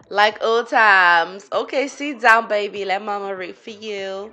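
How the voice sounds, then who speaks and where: A woman's voice: fairly high pitch, takes it slowly, few pauses, bright, forceful tone, lo-fi sound, faint music behind. A woman giving casual gameplay commentary, chatty and giggly, talking to her game characters as she plays. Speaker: gaming channel host.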